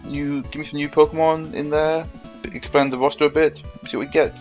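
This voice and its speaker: A man's voice: on the high side, level tone, fairly quick, darkish tone, dull audio, soft background music. A man co-hosting a gaming podcast, rambling and joking in casual chat with lots of fillers. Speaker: podcast co-host.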